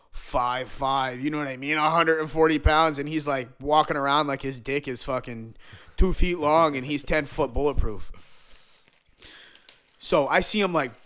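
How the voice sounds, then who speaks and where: A man with a slightly higher voice spinning a rambling, profanity-laced story about a road trip. He talks casually and loads his speech with slang and filler, the way he would with friends on a podcast. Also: fairly bright tone.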